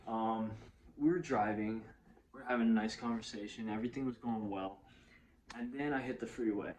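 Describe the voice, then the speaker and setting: A man's voice: fairly low pitch, normal speed, darkish tone, poor audio. A young man telling a personal story in a casual, rambling way, swearing freely, correcting himself and laughing often.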